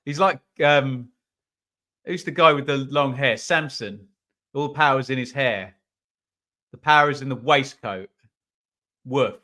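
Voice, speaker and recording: Bloke doing a footy watch-along stream, bright voice, rambly and chatty. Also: male voice, medium pitch, a little slow, pauses often. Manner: chatty, reads viewer comments aloud. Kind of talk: live match commentary and chat.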